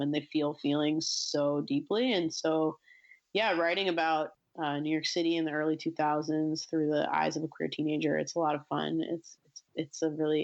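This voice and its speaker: A woman interviewed as a guest writer, speaking thoughtfully and hesitantly with many pauses and restarts. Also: deep voice, gravelly, highs cut off. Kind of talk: casual interview chat.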